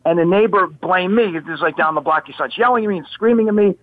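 A man in his fifties telling a childhood story as a guest, animated and repeating his words. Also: sits high, quick pace, no echo. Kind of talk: casual storytelling. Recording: phone-like radio line.

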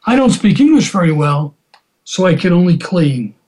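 A grieving widowed cleaning woman, a young mother, read out by a man with a high voice. The words come soft and measured, like a storybook quotation. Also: very animated. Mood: sorrowful.

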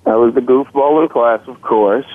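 A man's voice: medium pitch, moderate pace, no echo. A man in his forties from Virginia with a slight Southern accent, a comedian guest joking sarcastically in a casual podcast chat. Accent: slight Southern rural Virginia. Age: 40s. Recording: tinny phone line.

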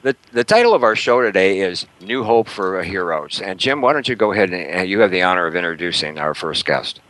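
A man's voice: low-pitched, lively intonation, a little fast, a bit bright, dry recording, poor audio. A man hosting a talk radio show in a chatty, upbeat way, with plenty of fillers and small laughs.

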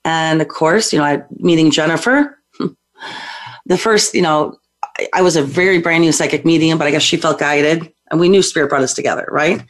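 A woman's voice: deep voice, normal speed. A woman guest on a talk show, a psychic medium telling her story in a hyper, rowdy, chatty way. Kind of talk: casual talk show interview.

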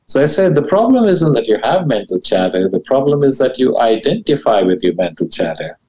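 A man, a spiritual teacher and guest, explaining ideas in an animated, emphatic way with blunt, casual wording and big swoops in pitch. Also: a little fast, a little hiss or hum, low-quality recording. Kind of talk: animated interview talk about spirituality.

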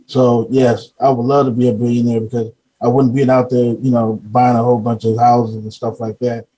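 A man's voice: mid-range voice, flat delivery, fairly quick, mellow, slight background noise, poor audio. A man guest speaking sincerely and chuckling easily. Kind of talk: casual talk on a show.

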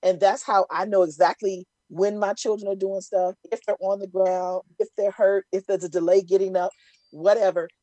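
A middle-aged woman chatting casually, telling animated stories and acting out the voices of other people. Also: mid-range voice, moderate pace, no echo, lo-fi sound. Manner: animated storytelling, acts out voices. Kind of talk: casual chat.

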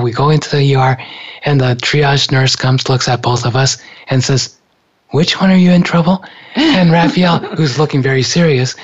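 A man's voice: mid-range voice, slightly rough. An older man casually telling a personal story, laughing often and acting out the people he quotes. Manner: laughing, animated, acts out quoted voices. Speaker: storyteller recounting his heart attack. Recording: dull lo-fi recording.

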